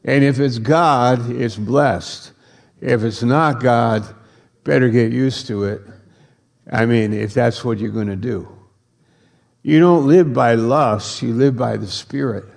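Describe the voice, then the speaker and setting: A man preaching a sermon, slow and emphatic, repeating key words for effect. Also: medium pitch, creaky.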